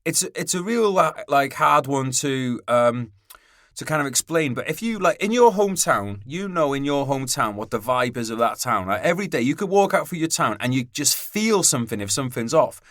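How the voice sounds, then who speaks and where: An army veteran hosting a podcast, talking bluntly with sweary banter. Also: male voice, mid-range voice, lively intonation, fairly quick, a bit bright, dry recording, studio quality. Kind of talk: casual chat.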